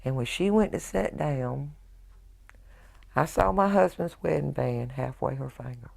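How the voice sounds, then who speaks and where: Creaky-voiced woman recounting. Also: very deep voice, a little mellow. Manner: halting, emotional recounting with quoted dialogue. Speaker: widow telling her story. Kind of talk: emotional personal testimony.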